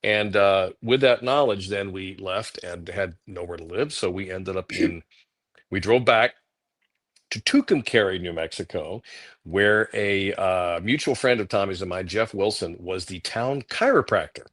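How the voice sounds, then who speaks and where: A man's voice: deep voice, measured pace. A middle-aged man, a guest comic artist, telling casual stories on a livecast and acting out quoted voices. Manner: animated anecdotes, acting out quotes.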